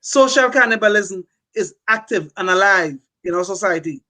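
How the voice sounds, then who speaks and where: A man's voice: sits high, animated, normal speed, sharp tone, poor audio. An older man talking as a podcast co-host, impassioned and emphatic, often repeating words as he builds a point. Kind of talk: opinionated political talk.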